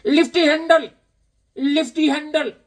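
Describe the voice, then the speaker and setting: A man putting on the voice of a rude, loudmouthed male gas station clerk who shouts insults in a shrill, drawn-out way. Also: fairly even intonation, distant mic. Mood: mocking.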